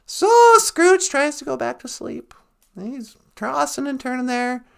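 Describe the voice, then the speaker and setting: A woman's voice: sits high, unhurried, creaky, a bit bright. A woman host retelling a story comically in a rambling, loose way, laughing and searching for words. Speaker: podcast host.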